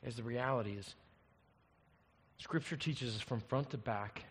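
A male pastor preaching a sermon, an animated storyteller who swings from loud to hushed. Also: medium pitch, a little slow, long pauses, breathy edge, in a large hall.

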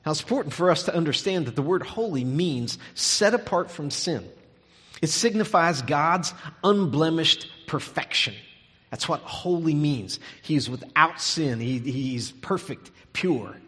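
A man preaching a sermon with emphatic delivery, dropping to soft, near-whispered tones on key words. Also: on the high side, lively intonation, measured pace, long reverb tail.

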